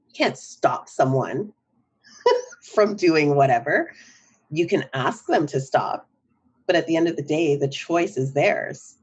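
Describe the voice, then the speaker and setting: A woman's voice: deep voice, expressive, moderate pace, a little mellow, breathy edge. A middle-aged woman, a psychotherapist, talking in a podcast interview in a reflective way, often checking in with "right?". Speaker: psychotherapist guest.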